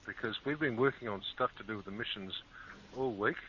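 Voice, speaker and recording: A man with a lowish voice jokes in a teasing, self-mocking way as he co-hosts a radio chat. His audio is muffled, and a clear hiss runs under it. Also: a little fast, a bit bright. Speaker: radio show co-host. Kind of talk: joking casual chat.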